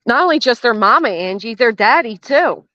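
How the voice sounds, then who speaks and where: A woman's voice: fairly high pitch, lively intonation, moderate pace, bright, forceful tone, dry recording. An older woman hosting a reaction commentary channel, blunt, sarcastic and swearing freely, recorded outdoors by a garden fence. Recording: dull, dry lo-fi sound.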